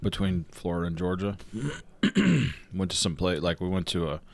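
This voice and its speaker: A man's voice: sits low, expressive, moderate pace, vocal fry. A man chatting casually while eating, rambling and swearing freely as co-host. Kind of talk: casual chat, eating on camera.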